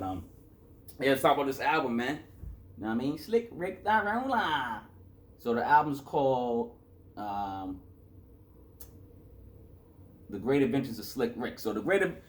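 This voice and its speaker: A Boston man with a medium-pitched voice reviews a hip-hop album in loose, rambling casual talk. He's worn out after a work shift, and his speech is packed with fillers and self-corrections.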